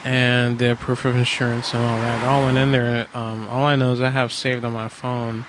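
A man's voice: medium pitch, level tone, normal speed, background noise. A man calling roadside assistance, telling a long, rambling, profane story with lots of hesitation. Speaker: caller. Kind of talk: rambling phone call. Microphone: phone.

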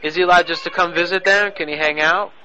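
A man's voice: high-pitched, steady tone, fast talker, pushed and bright, slight background noise. A man making a prank phone call, lecturing in an indignant way over a lo-fi line. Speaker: prank caller. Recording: lo-fi phone audio on radio.

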